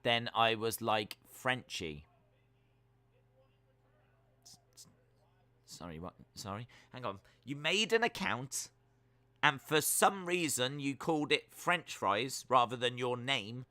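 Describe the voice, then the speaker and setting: A British man hosting a live stream, reading viewer comments aloud and answering them with teasing, deadpan jokes. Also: mid-range voice, unhurried, dry recording. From United Kingdom. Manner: jokey, teasing, deadpan banter.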